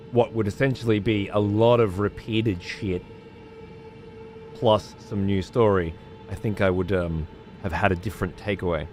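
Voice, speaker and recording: A man, chatting casually on a live stream as he reads out viewer messages, laid-back and swearing freely. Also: fairly low pitch. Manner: laid-back, swears freely, uses slang like mate and cunt. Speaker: streamer reading chat.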